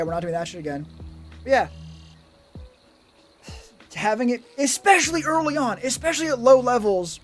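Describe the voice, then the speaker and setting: A man streaming, chatting casually about running tabletop games, swearing often and answering chat. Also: sits high. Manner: profane, animated, rambling, reading chat. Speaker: streamer giving tabletop game advice.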